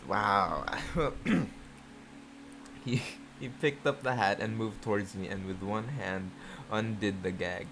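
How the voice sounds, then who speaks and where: In a casual reaction video, a host reads fan fiction aloud, switching between slow, even narration and loud, shocked outbursts full of swearing. The voice is low, with music playing underneath.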